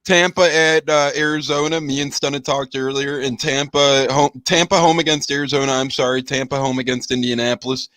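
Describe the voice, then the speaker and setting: A man's voice: medium pitch, little pitch movement, fairly quick, hardly any pauses, a bit bright, dry recording. Chatty male podcast host, dry sound. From lives in Chicago. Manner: chatty, steers the talk with questions. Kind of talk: casual sports podcast chat.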